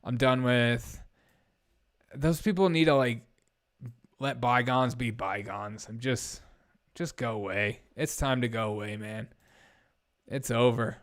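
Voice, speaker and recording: A young man chats loosely on a live stream, talking bluntly and reading viewer comments aloud as he goes. His voice is smooth and clear, at an everyday middle pitch. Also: steady tone, takes it slowly, long pauses, fairly bright tone. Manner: blunt, rambling, reads chat aloud. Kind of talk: casual live-stream chat.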